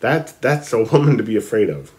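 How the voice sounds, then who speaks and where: Man, low voice; chatty literature vlogger, hesitant then keen. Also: very animated, a little fast, darkish tone. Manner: hesitant, many fillers, enthusiastic emphasis. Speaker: book vlogger. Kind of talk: casual talk about literature, reading passages aloud.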